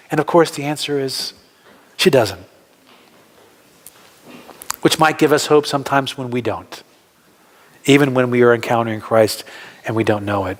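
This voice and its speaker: A man's voice: mid-range voice, steady tone, moderate pace, long pauses. Man preaching in a reverberant church. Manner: conversational, asks the congregation questions. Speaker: pastor. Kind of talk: sermon. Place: church hall. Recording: church hall with long reverb.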